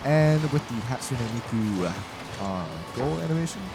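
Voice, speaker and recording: A man giving live esports play-by-play from a college studio set, excitable and tripping over his words. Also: medium pitch, moderate pace, vocal fry, music in the background. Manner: excitable, stumbles and repeats words. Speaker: esports caster. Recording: steady background noise.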